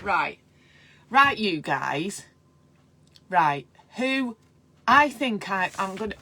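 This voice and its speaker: Chatty, excitable midwife. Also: female voice, medium pitch, slight background noise. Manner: chatty, excitable, self-mocking. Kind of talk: casual live chat to camera.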